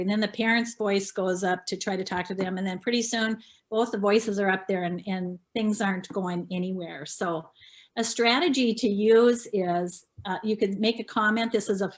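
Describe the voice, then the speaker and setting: Middle-aged Minnesota-accented woman counselor, mid-pitched, easygoing presenter with lots of fillers. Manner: friendly, conversational with frequent fillers. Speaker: elementary school counselor. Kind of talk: parenting presentation.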